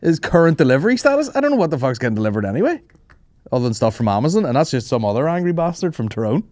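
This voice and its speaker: A man's voice: fairly high pitch, very animated, racing, darkish tone, no room sound, clean studio sound. A young man, hosting a podcast and telling rambling, profane comic stories with frequent laughs. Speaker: podcast host. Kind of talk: casual comedic storytelling.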